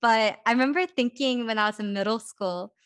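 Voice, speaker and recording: This young female podcast host talks briskly in a slightly high, a bit bright, clear, and resonant voice, recorded in studio quality with no room sound. Her casual, reflective chatter is sprinkled with "like" and light laughs.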